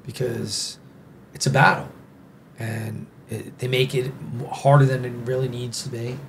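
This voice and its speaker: A man with a New York accent speaks as a podcast guest at a middling pitch. He rambles and leans hard on his points, stacking up "you know" and "like" as he goes. A faint hiss sits under his voice. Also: steady tone, measured pace, vocal fry. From New York City. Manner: rambling and emphatic, with many "you know" and "like" fillers. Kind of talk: casual interview conversation.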